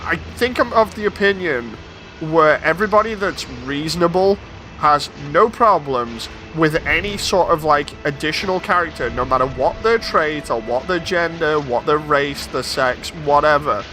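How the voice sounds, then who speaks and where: A man's voice: fairly high pitch, pushed and bright. A man streaming a game, talking casually and rambling through opinions with many restarts. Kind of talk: casual gaming stream chat.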